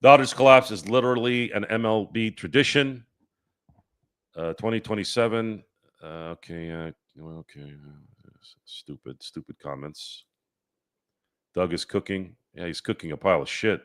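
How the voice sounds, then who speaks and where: A low-voiced man hosts a casual sports live stream. He reads viewers' comments and fires back at them, arguing in rambling sentences full of restarts. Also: normal speed, long pauses, a bit bright.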